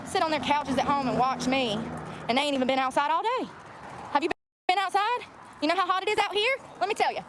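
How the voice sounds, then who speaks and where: A woman's voice: high-pitched, fast talker. A young woman vlogging outdoors, venting at viewers in a blunt, profane rant. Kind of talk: venting to the camera. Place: outdoors by a road. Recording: clear outdoor traffic noise.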